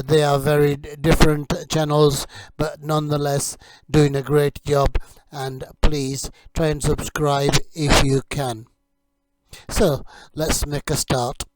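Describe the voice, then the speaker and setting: A man teaching English vocabulary in a slow repeat-after-me drill, speaking in a measured, deliberate way with hesitant pauses. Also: fairly high pitch, noisy background.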